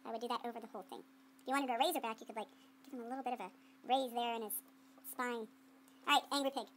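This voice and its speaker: A woman's voice: fairly high pitch, fairly even intonation, fast, a bit bright, a little hiss or hum. A woman art teacher talking through a clay demonstration in a playful, chatty way, thinking aloud as she works and quizzing students. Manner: playful, talks to herself while working; call-and-response with students. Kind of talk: classroom demonstration.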